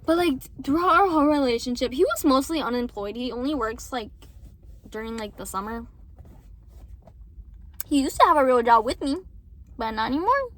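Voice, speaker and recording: A woman's voice: sits high, expressive, normal speed, long pauses, a bit bright, a little hiss or hum. A young woman venting to her viewers in a rambling, casual way, swearing often and then apologizing. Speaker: vlogger.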